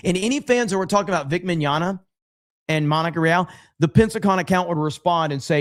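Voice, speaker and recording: Blunt, profane male host, slightly higher voice, casual livestream storytelling. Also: fast talker. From USA. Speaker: podcast host.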